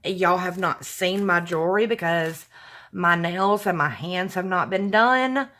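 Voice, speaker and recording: A woman's voice: lowish voice, measured pace. A woman, gushing and exclaiming as she opens a gift package at home at night. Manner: gushing, excitable, gasps and exclaims, addresses viewers as y'all. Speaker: vlogger opening a gift package. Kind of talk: casual unboxing chat.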